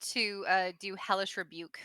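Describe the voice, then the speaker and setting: A woman's voice: mid-range voice, steady tone, moderate pace, a crowd in the background. A woman playing a tabletop game, teasing and playful in casual chat. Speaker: player.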